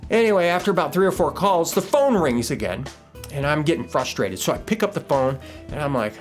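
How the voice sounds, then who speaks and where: Relaxed folksy middle-aged man. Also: a little high, a little fast, faint music behind. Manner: relaxed, folksy, with filler words. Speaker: podcast host. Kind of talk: casual storytelling and recipe talk.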